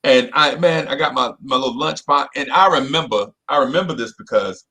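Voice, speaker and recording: A middle-aged man, a podcast co-host, telling a story in casual chat. He talks in an animated way, often repeats himself and keeps saying "you know what I'm saying". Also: mid-range voice, fairly quick, rough recording.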